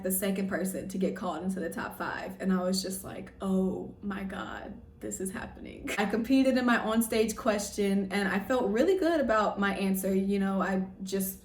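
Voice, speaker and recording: A young woman recounts a personal story to her viewers, effusive and emotional, peppering every phrase with "like". Her voice sits at a middle pitch. The recording sounds roomy, with the mic set back from her. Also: recorded from a distance. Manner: emotional, effusive, heavy use of "like". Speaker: vlogger. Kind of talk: casual storytelling to camera.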